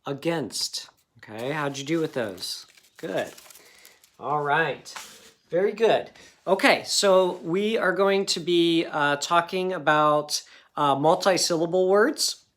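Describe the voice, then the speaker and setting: Slow, patient male phonics teacher. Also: fairly high pitch, fairly bright tone. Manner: patient, encouraging, checks in with frequent okays. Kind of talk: phonics lesson.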